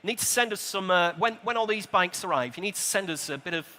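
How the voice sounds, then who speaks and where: A bright, high-voiced man calls bids at a live auction, keeping a brisk, rhythmic patter with friendly asides to bidders. His voice carries a long reverb from a large exhibition hall. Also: expressive. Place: motor show sale room.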